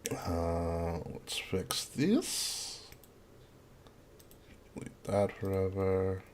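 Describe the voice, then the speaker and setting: A man hosting a live-stream podcast, relaxed, muttering to himself while fixing technical problems. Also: sits low, extremely slow, a little hiss or hum. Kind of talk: casual live-stream chat.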